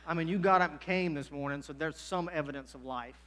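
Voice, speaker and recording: A man's voice: a little high, fairly quick, fairly bright tone. A man preaching a sermon as pastor, folksy and direct, full of rhetorical questions, recorded in a church sanctuary.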